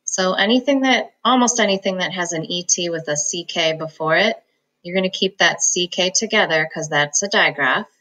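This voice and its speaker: A woman's voice: lowish voice, normal speed, bright, forceful tone, low-quality recording. A woman teaching a phonics lesson, patiently sounding out words syllable by syllable. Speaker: reading teacher.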